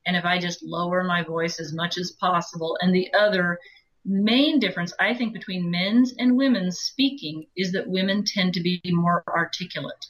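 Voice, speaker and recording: A woman with a low voice, an audiobook narrator talking through her approach in a chatty, explanatory interview. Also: normal speed, fairly bright tone, rough recording. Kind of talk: conversational interview.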